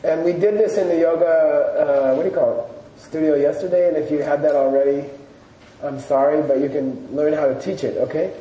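Male Buddhist teacher, slightly higher voice, mellow, conversational storyteller, distant mic, faint hiss. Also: fairly even intonation, moderate pace, highs cut off. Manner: storytelling, loose and chatty with fillers. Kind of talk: casual lecture to a live audience. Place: room with a live audience. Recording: echoey room, distant mic, faint noise.

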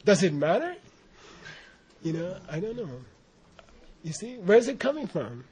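An American man delivers an informal dharma talk, a Buddhist teaching that rambles animatedly, full of laughter and frequent "you know"s. His voice is high-pitched and his pace measured.

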